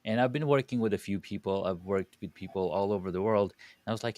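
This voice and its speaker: Deep-voiced man explaining audio gear. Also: quick pace, a little mellow, dry recording. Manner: explanatory, with restarts and searching for words. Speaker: guest audio and studio coach. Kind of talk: podcast conversation.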